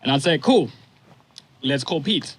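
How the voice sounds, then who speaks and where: A young man in his twenties giving a eulogy for his stepfather, telling a story in a casual, halting way and pausing at times to compose himself. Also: a little high, expressive, husky, poor audio.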